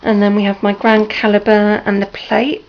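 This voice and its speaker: A woman with a hoarse, sore-throated voice gives a slow, hesitant, apologetic tour of her room, with many ums. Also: medium pitch, monotone. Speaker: crafting vlogger. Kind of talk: casual room tour vlog. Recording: dull lo-fi home video with faint noise.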